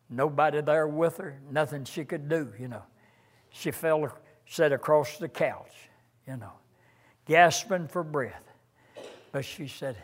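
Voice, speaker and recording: Slow, earnest older male preacher. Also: fairly high pitch. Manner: slow, earnest preaching, reciting hymn lines with rising emphasis. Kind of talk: sermon.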